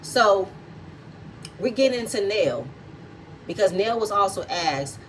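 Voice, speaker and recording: A woman's voice: mid-range voice, lively intonation, slow pace, pauses often, recorded from a distance, slight background noise, poor audio. A woman hosting a reality TV recap vlog, giving blunt, heated and profanity-laced commentary.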